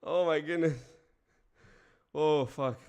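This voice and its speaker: A man's voice: on the high side, steady tone, slow pace, darkish tone, smooth. A man hosting a casual livestream, chatting with viewers, breaking into frequent laughter and swearing casually. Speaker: streamer host.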